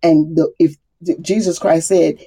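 A woman's voice: low-pitched, fairly even intonation, normal speed, dark tone, slightly rough. A middle-aged woman giving a casual faith talk, laughing often and acting out the voices she quotes. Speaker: Bible study speaker.

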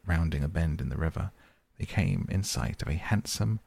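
A man narrating a classic storybook in a calm, measured reading. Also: extremely low pitch, gravelly.

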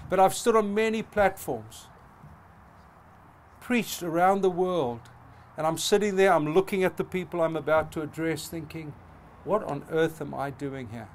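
Passionate and emphatic, this middle-aged pastor drives his sermon forward with repetitions that climb in intensity. His voice is high-pitched, and there is slight background noise in the recording.

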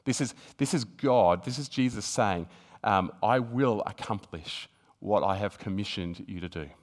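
A man's voice: lowish voice, measured pace. A man preaching a sermon, speaking earnestly with frequent restarts, reading passages of scripture aloud and building to emphatic peaks. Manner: reads scripture aloud within the talk.

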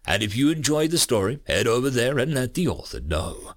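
A man's voice: medium pitch, big pitch swings, a little fast, no room sound, clean studio sound. A man narrating a story with wry, playful asides. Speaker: audiobook narrator.

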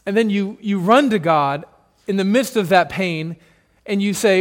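Male pastor, high voice, preaching, dramatic swings from loud to hushed. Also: measured pace, in a large hall. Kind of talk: sermon. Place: church sanctuary with congregation.

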